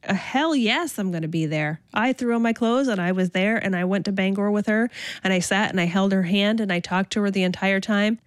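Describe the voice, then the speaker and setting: A woman's voice: medium pitch, steady tone, fairly quick, clean tone, no echo, studio quality. A woman nurse speaking bluntly and emphatically in an interview. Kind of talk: interview recollection.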